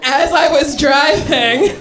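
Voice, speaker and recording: A woman's voice: high voice, heavy background noise. A woman telling a funny story on stage, often breaking into laughter as she talks. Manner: laughs often while talking. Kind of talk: comedic storytelling.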